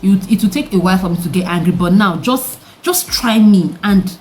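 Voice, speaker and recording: A young woman with a deep, mature-sounding voice, chatting candidly to camera in an animated way and throwing questions at her viewers. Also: moderate pace, a little hiss or hum. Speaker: vlogger. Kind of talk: candid vlog chat to camera.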